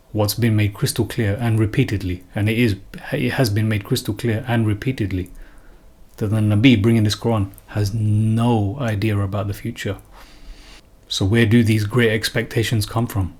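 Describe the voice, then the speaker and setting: A man giving an unscripted religious talk, earnest and emphatic, often repeating and restarting phrases. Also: on the low side. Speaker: religious commentator.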